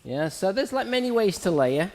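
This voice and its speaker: Man, fairly high voice, chatty salon host, long room reverb. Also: sing-song, moderate pace, darkish tone. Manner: chatty, laughs often, talks through a razor cut. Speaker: host and hair educator. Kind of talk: casual live-stream chat and haircut demo.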